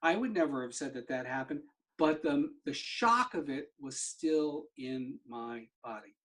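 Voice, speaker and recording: Expressive and a little slow, this middle-aged man speaks at medium pitch with a fairly bright tone. As a guest and somatic therapy practitioner, he relates a personal story in conversation, performing remembered lines of dialogue with vivid storytelling.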